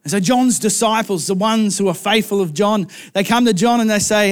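A male pastor delivers a sermon in an earnest, conversational way. His voice sits notably high for a man. He often doubles back and repeats words as he thinks aloud. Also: normal speed, few pauses.

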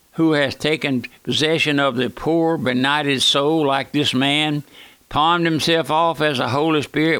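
An older man preaches on the radio in a gravelly, fairly high voice. He is folksy and keeps turning to the listener as a friend. The sound is close and dry. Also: pushed and bright, no echo. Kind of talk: radio sermon.

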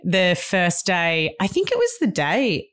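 A woman's voice: lowish voice, huge pitch swings, measured pace, fairly bright tone. A woman, co-hosting a podcast in casual chat, laughing often. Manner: chatty, laughs often, acts out quoted voices. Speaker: podcast co-host.

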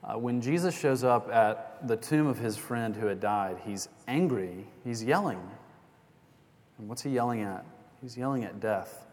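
Preaching in a church sanctuary with long hall reverb, a young man speaks at a measured pace in a medium-pitched, darkish voice. His sermon unfolds as a conversational story sprinkled with little jokes and side comments.

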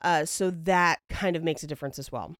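A woman hosts a podcast and tells the story in loose conversation, wry and a little profane, laughing as she goes. Her voice is smooth and clear. The sound is close and dry, with no room around it. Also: sits low, brisk, fairly bright tone, no room sound. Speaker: podcast host. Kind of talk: casual storytelling chat.

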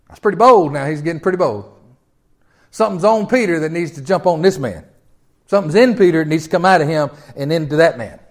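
A male pastor delivers a sermon with a notably high voice. He speaks in a conversational, storytelling manner, restarting phrases and swinging from quiet asides to loud, emphatic bursts. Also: expressive, brisk. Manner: conversational, storytelling with sudden swells.

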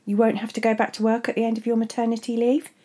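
A woman's voice: on the high side, level tone, fast, mellow, pitched above the performer's own voice, natural voice. A woman voicing a condescending young husband and father, proud of himself, in a story reading. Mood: smug.

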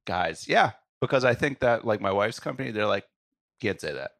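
A man's voice: medium pitch, animated, a little fast, gravelly, fairly bright tone, no echo, studio quality. A man co-hosting a casual livestreamed chat show, easygoing and joking, chuckling through his lines. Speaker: podcast co-host.

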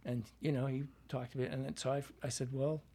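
A dialect coach from Iowa with a Midwestern American accent tells animated anecdotes in a storytelling interview, acting out the voices of people he quotes. His voice is husky and mid-pitched, and he talks a little fast.

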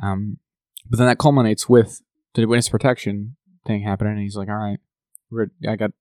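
A man co-hosting a podcast in casual chat, animated and quick to laugh. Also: on the low side, dry recording, studio quality. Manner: animated, laughs often, talks over partner. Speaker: podcast co-host.

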